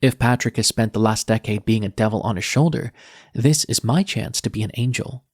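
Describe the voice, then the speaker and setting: A man narrating a dark romance audiobook in first person, weary and reflective. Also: on the low side, fairly quick, breathy edge, dry recording, studio quality.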